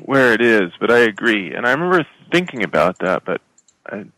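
A man's voice: on the low side, sing-song, fairly quick, sharp tone, no echo, rough recording. A man as a player in a tabletop game, musing in a mumbled way.

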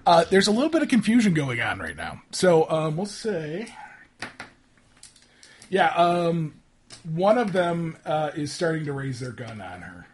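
Halting, husky-voiced man running a game. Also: fairly high pitch, sing-song. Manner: halting, searching for words. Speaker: game master. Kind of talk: narrating a tabletop game.

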